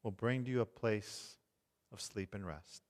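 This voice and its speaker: A middle-aged man preaching a tender, hushed sermon as pastor. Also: lowish voice, long reverb tail. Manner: slow, tender, hushed delivery.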